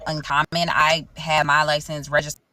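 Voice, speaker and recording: Blunt, animated woman telling a story in a noisy car. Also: low-pitched, normal speed. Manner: blunt, profane, animated retelling with voiced quotes. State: eight months pregnant. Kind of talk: casual storytime.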